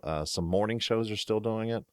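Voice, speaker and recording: American male co-host, very low voice, animated storyteller, dry close mic. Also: normal speed, smooth, dry recording. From United States. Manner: storytelling, laughs at own anecdotes. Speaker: podcast co-host. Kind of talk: casual chat.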